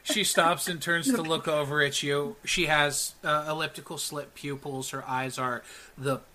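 A man narrating as game master in a relaxed, hesitant way with many fillers. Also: fairly high pitch, measured pace, slight background noise.

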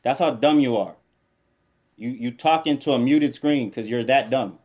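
A man's voice: medium pitch, normal speed, darkish tone. A man in a heated live stream argument, combative and mocking, repeating his taunts over and over.

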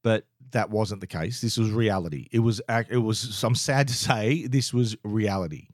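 A man's voice: on the low side, moderate pace, no echo, clean studio sound. A middle-aged Australian man telling a story in a casual, exasperated and emphatic way, with frequent restarts.

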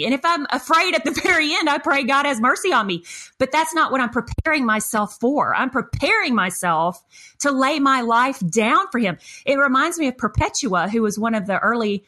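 A middle-aged woman telling a story in an animated, expressive way. She acts out the people she quotes with big leaps in her voice. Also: high-pitched, normal speed.

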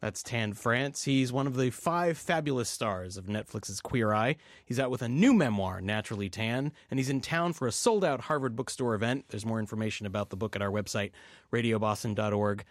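A man's voice: animated, a little fast, dry recording, studio quality. A man hosting a radio interview, conversational and playful as he asks his questions. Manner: conversational, playful, bouncing pitch. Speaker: radio show host. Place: radio studio. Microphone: studio microphone.

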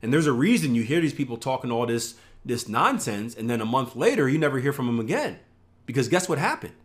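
A man's voice: mid-range voice, a bit bright. Casual man teaching trading. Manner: conversational, repeats words, asks "right?" often; playful boastful asides. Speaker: trading instructor. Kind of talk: screen-share trading lesson.

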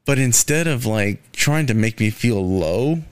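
A man's voice: mid-range voice, animated, a little slow, clean tone, no echo. A young man hosting his own podcast, rambling casually with lots of swearing and fillers like "man" and "you know". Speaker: podcast host. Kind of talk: casual solo podcast rant.

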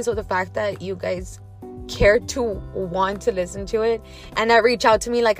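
Soft music plays behind a Texan woman hosting her own podcast, her mid-range voice steady in tone and normal in speed. Though the tone holds even, she comes across as emotional and slightly shaky, speaking candidly in a relaxed solo monologue scattered with casual fillers.

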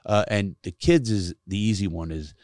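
A man's voice: deep voice, normal speed, a little mellow, dry recording, clean studio sound. A middle-aged man telling stories from his life in casual conversation, blunt and emphatic, cursing often to stress his points. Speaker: guest, former prisoner who speaks to youth.

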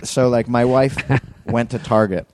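A man's voice: mid-range voice, unhurried, a little hiss or hum. A middle-aged man co-hosting a podcast, telling stories in a loose chat style, swearing freely and acting out other people's lines. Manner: animated storyteller, mimics voices in quotes, swears freely. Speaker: podcast co-host. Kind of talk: casual chat.

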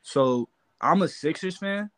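A man's voice: on the high side, animated, slow, crowd noise, low-quality recording. A man joining a casual basketball debate, talking in a loose, slangy way full of "like" and the odd curse word.

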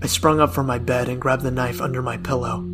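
A man reads a horror story aloud in a grim, measured way. He draws out his pauses, and his voice sits at an ordinary middle pitch. Soft music plays faintly underneath. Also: fairly even intonation. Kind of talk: dramatic scripted horror narration.

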